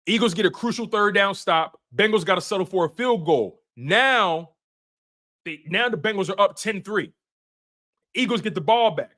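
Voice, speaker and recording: A man's voice: sits high, animated, moderate pace, pushed and bright. A man hosting a sports recap show, talking in a casual, emphatic way, repeating key points and using slang. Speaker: sports podcast host.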